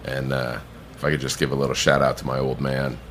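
A man with a deep, low voice tells a long bar anecdote on a podcast. He talks casually, swears freely and slips into other people's voices to act out their lines. A faint background hiss sits under the recording. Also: completely flat delivery, fast talker, fairly bright tone. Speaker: bartender guest.

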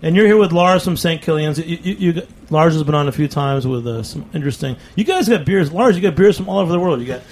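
Radio host guy, kinda high voice, chatty, keeps nudging guests with questions. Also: lively intonation, quick pace, few pauses, darkish tone. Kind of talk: casual studio interview. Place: radio studio.

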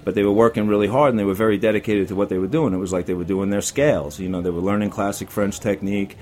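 A man's voice: fairly low pitch, steady tone, fast talker, a little mellow. A man in his forties with a New York accent, a chef guest telling blunt, profane stories in a casual studio chat. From Brooklyn, New York.

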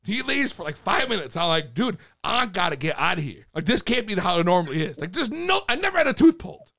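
A man telling a story in casual chat, excitable and full of swearing and slang. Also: high voice, quick pace, hardly any pauses.

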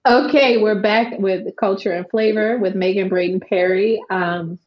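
A woman's voice: mid-range voice, faint music behind. Woman podcast host on a dull lo-fi mic. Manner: relaxed, halting, lots of fillers. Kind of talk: casual interview. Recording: slightly dull, lo-fi sound.

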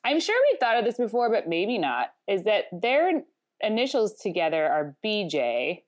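A woman's voice: mid-range voice, big pitch swings, normal speed. A woman co-hosting a podcast, telling rambling stories in a dry, wry casual chat. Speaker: podcast co-host.

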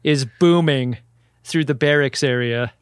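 A man's voice: mid-range voice, unhurried, clear, resonant tone, no echo, studio quality. A man co-hosting a podcast, recapping an episode in casual chat with wry jokes. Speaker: podcast co-host.

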